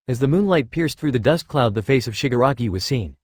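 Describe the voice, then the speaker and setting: Männlicher Erzähler, trocken aufgenommen. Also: male voice, medium pitch, animated, fairly quick, dry recording, studio quality. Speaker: narrator. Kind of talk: reading fan fiction aloud.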